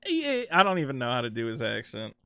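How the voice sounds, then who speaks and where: A man's voice: medium pitch, creaky, clear, resonant tone, dry recording, clean studio sound. A man hosting a call-in show, chatting casually and joking around with guests. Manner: animated, joking, quick to riff. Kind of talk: casual chat.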